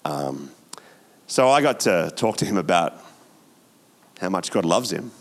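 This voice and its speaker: A man, preaching as a pastor, telling a story in a hushed voice that builds to emphatic exhortation. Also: deep voice, big pitch swings, unhurried. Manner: storytelling, hushed at times, then rising and emphatic. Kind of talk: sermon.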